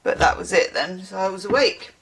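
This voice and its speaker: A woman reads tarot cards in a loose, chatty way, wandering off topic now and then. She sounds tired from a short night, and her pitch sits in an ordinary middle range. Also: fairly quick, creaky, a bit bright, slightly rough. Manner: chatty, digressive, swears casually. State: tired from little sleep. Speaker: tarot reader. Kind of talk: casual tarot reading.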